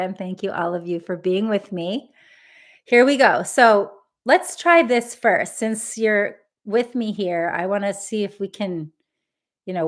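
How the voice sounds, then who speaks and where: Guiding a live EFT tapping session, a medium-pitched woman offers gentle encouragement. She repeats affirmations so listeners can echo them.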